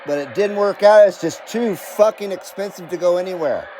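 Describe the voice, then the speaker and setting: A man's voice: high voice, moderate pace, a little mellow, a little hiss or hum. An American man hosting a CB radio livestream from his home radio room, chatting casually, reading viewer comments aloud and swearing now and then.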